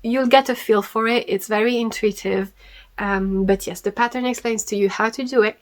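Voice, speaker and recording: A woman's voice: on the high side, steady tone, moderate pace. A young woman hosting a knitting podcast, talking casually, her voice nasal and stuffy from a head cold, chatty with frequent ums and small laughs. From France. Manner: chatty and apologetic, laughs often, many ums. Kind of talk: casual solo podcast chat.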